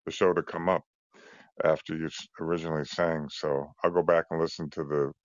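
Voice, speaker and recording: A man joining a live audio show as a listener, chatting casually with some halting restarts. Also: extremely low pitch, level tone, no echo, dull audio. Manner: casual, friendly, a bit halting. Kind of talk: casual chat.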